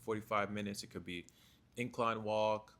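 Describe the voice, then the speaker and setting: A man's voice: lowish voice, normal speed. A young man telling a casual, slangy story about his fitness journey to camera, repeating phrases for rhythm. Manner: slangy, repetitive, animated storytelling. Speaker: fitness vlogger.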